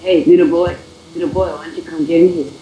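A creepy old man calls out in a slow, wheedling voice, as a man with a fairly high voice puts him on mid-game. The sound is roomy and echoey. It is a rough imitation of a cartoon figure. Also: fairly even intonation, dark tone, dull audio, a little hiss or hum, natural voice. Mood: creepy coaxing. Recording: roomy echo.

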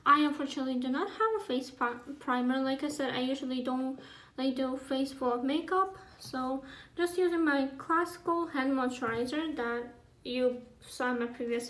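A woman's voice: high voice, fairly bright tone, reverberant. A teenage girl in a casual makeup vlog at her homework table, filmed on her phone, chatty, rambling and often apologizing. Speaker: beauty vlogger. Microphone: phone camera.

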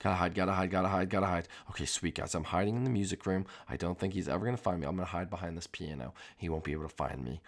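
A man voicing a brash, mischievous boy prince in a Minecraft role-play, excitable and calling everyone guys and bro. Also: sits low, racing, hardly any pauses, voice pushed down. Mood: hushed.

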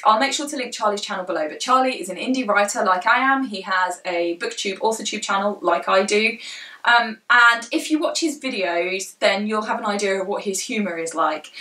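A woman's voice: mid-range voice, fairly bright tone. A young woman with a southern English accent, chatting casually to camera in a rambling way with many fillers. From southern England. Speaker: book vlogger and indie author. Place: indoor room at home, rain outside. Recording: echoey room, distant from mic.

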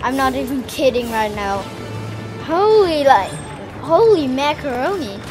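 A woman hosting a gaming video, giving excitable live commentary with lots of exclamations and fillers. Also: high-pitched, a little slow. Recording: game music clearly behind. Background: video game music and sounds.

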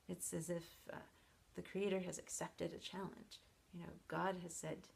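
Gravelly low-voiced woman professor. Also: fairly even intonation, a little slow, few pauses. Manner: thoughtful, with frequent fillers and restarts. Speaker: college professor. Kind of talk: explaining a poem to viewers.

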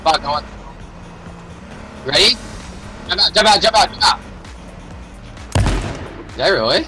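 A young man commenting on his own game, excitable and profane, yelling in panic and trash-talking other players. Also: sits high, a little slow. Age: young adult. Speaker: gamer streaming a battle royale match. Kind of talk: casual gameplay commentary. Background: background music.

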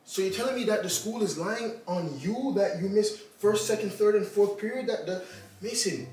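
A woman's voice: mid-range voice, moderate pace, far from the mic. Stern scolding woman in an echoey room. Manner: stern scolding that turns to loud laughter. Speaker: parent pranking her child. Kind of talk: casual family vlog.

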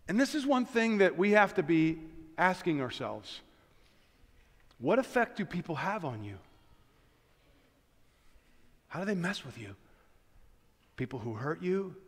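Male pastor, sermon, high voice, repeats phrases, hushed to shouting, long reverb.

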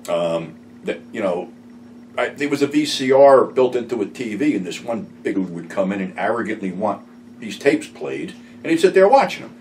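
A middle-aged man spins crude, meandering stories with a lively, swinging voice. He sits a little back from the microphone, and a faint background hiss runs under his casual chat. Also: fairly low pitch, normal speed. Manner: profane, rambling storytelling. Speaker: YouTube storyteller. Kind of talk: casual anecdote telling. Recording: slightly distant mic, faint room noise.

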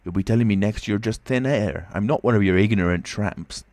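A man's voice: on the low side, a little fast, darkish tone, dry recording, lightly acted. A man voicing a frightened, blustering tramp who talks in coarse rustic speech, in a storybook reading. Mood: agitated.

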